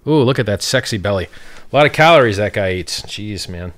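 A man's voice: fairly low pitch, lively intonation, fairly quick, a bit bright. A man hosting a livestream, reading chat questions and answering them in a rambling, off-the-cuff way and laughing at his own remarks.

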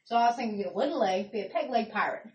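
A woman telling stories in casual stand-up, loud and laughing, swearing freely. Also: fairly high pitch, animated, very fast, lo-fi sound. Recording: echoey room from a distance.

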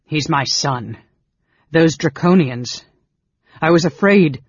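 A desperate half-elf father, voiced by a male narrator, pushed higher and louder than the narration, his husky voice strained and raw. The audiobook sound is dull and lo-fi, close and dry. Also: steady tone, normal speed, dry recording. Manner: shouting, pleading, raw.

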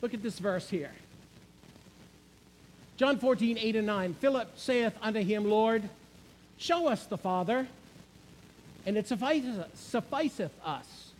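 High-voiced male preacher, emphatic. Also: animated, unhurried, long pauses, slight background noise, low-quality recording. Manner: emphatic, repeats key phrases, asks the listeners questions. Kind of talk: sermon.

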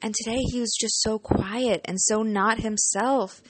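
A woman's voice: a little high, fairly even intonation, unhurried, slight background noise. A young adult woman, a student teaching partner, telling a casual storytime vlog. She talks in a chatty, emotional way, leaning on "like" and "you know" and swearing casually.

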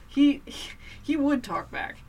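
A woman's voice: high-pitched, expressive, takes it slowly. A woman co-hosting a casual podcast, telling rambling stories and acting out the people in them. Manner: rambling storyteller, gets loud and giddy acting out her cat. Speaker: podcast co-host. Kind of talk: casual chat. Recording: distant mic with faint noise.

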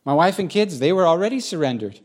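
A middle-aged pastor tells his own story from the pulpit in a candid, chatty way. His voice sits slightly high for a man, and he often restarts his sentences. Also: lively intonation, quick pace, darkish tone. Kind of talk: sermon-style personal testimony.

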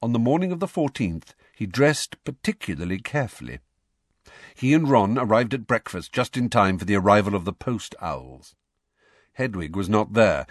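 A man reading a storybook aloud in an expressive, measured way. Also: lowish voice, no echo, clean studio sound. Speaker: audiobook reader.

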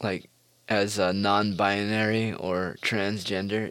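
A man's voice: on the low side, flat delivery, measured pace, a bit bright, dry recording. A man hosting a solo podcast in a casual, rambling monologue, swearing often and mocking people. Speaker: podcast host.

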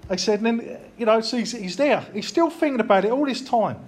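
A man with a high, expressive voice preaches an informal, earnest sermon, speaking a little fast and a little mellow. He talks plainly and conversationally, repeating phrases for emphasis.

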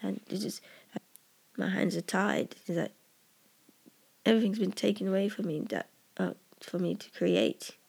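Gravelly, husky poet musing in halting whispers. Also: medium pitch, a little mellow. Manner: earnest, halting, drops into whispers. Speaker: poet discussing own poem. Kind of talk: personal reflective monologue.

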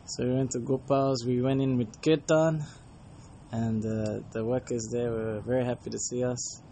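A man's voice: mid-range voice, fairly even intonation, normal speed, dark tone, slight background noise. A man, a traveling monk, casually telling travel anecdotes and acting out bits of dialogue. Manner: chatty, acts out dialogue in anecdotes.

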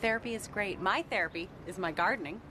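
A woman's voice: medium pitch, quick pace, background noise. A woman in a sitcom, talking in a brash, playful way. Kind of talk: sitcom acting.

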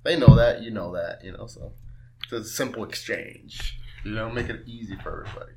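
A man's voice: on the low side, fairly quick, very noisy. A man telling a rambling, profane story in a casual podcast chat, often laughing as he talks. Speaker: podcast co-host.

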